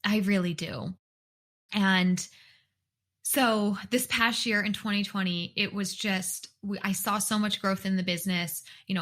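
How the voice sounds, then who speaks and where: A woman in her thirties talks alone into a mic in her bedroom for her own podcast. Her voice sits at a middle pitch for a woman. She speaks earnestly and from the heart, often doubling words for emphasis. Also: fairly bright tone. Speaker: podcast host and dietitian. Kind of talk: solo podcast monologue.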